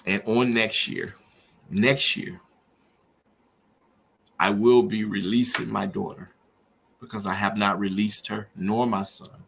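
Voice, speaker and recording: A man's voice: on the low side, fairly even intonation, slow, gravelly, pauses often, fairly bright tone, breathy edge. A middle-aged man hosting a podcast, talking earnestly and preacherly about grief and faith. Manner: earnest, preacherly, rising with feeling. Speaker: podcast host. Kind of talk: emotional personal monologue.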